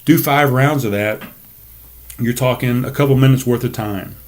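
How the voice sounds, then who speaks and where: A man with a mid-range voice and moderate pace hosts a solo podcast from his desk. Talking into a desk mic, he goes on a heated, foul-mouthed rant in a casual monologue.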